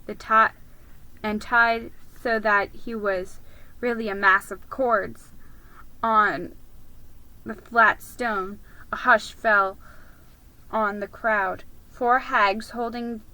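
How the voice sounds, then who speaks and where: A woman reading a story aloud, unhurried, with occasional slips and restarts. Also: medium pitch, steady tone, bright, forceful tone, poor audio. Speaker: reader.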